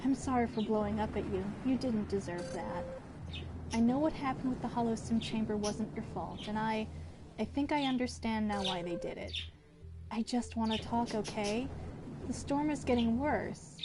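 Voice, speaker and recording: A woman's voice: on the high side, normal speed, noisy background, close to an everyday voice. A woman voicing a distraught space station AI, reading game dialogue aloud in frantic, pleading outbursts. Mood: worried.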